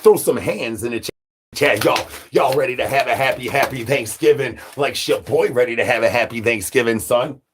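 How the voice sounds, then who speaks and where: A man live-streaming in a zombie persona, rambling through silly catchphrases with sudden jumps in pitch. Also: normal speed, a little hiss or hum. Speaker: livestreamer in zombie character. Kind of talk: absurd live-stream banter.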